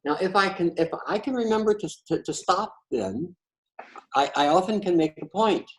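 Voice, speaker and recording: A man's voice: sits high, normal speed, low-quality recording. A man talking in a casual, conversational storytelling style, blunt and profane, often stammering and restarting his sentences. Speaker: patio chat host.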